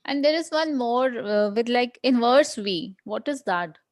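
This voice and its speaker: A woman's voice: a little high, animated, unhurried, no room sound. A woman student asking questions in an online class, hesitant and polite with many fillers.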